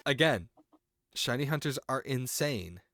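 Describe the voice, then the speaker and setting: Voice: medium pitch, animated, measured pace, a bit bright, soft background music. A streamer chatting casually on a group stream, joking around and swearing freely.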